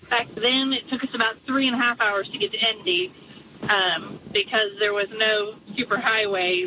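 A woman's voice: fairly high pitch, bright, forceful tone. Chatty woman caller on a noisy line. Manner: chatty, hesitant with ums. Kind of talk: phoned-in radio chat. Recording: muffled noisy radio line.

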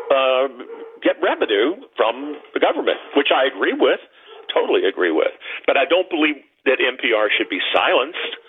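A man talking as a guest in a casual interview over the phone, making his points emphatically and repeating them for effect. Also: mid-range voice. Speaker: guest, former radio executive. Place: home with a dog nearby. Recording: tinny phone line.

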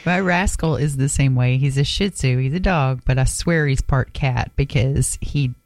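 A man's voice: medium pitch, moderate pace, darkish tone, dry recording. A man co-hosting a talk radio show, chiming in with brief, amused remarks. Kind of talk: casual talk radio chat.

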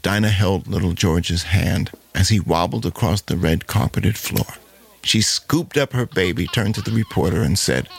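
A man narrating a story in a measured, steady way. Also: low-pitched, gravelly, breathy edge.

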